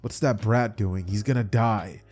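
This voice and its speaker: A man voicing a defeated, brooding young male martial artist villain who talks gruff and blunt. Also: fairly low pitch, a little slow, darkish tone.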